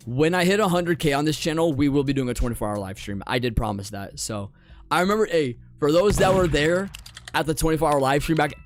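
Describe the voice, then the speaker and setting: A young adult man streaming a game, chatting casually with his viewers and commentating his play, often repeating phrases and dropping into quiet mutters. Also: fairly high pitch, noisy background. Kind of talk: casual live-stream chat with gameplay commentary.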